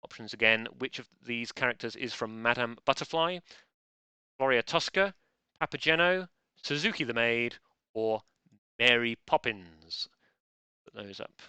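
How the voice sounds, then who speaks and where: A man hosting a relaxed quiz with a bright, forceful voice that stays smooth and crisp. He chats playfully and keeps interrupting himself with joking asides. The sound is dry and close, with little room around it. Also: medium pitch, unhurried, long pauses, no room sound. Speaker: quiz host. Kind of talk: casual live quiz hosting.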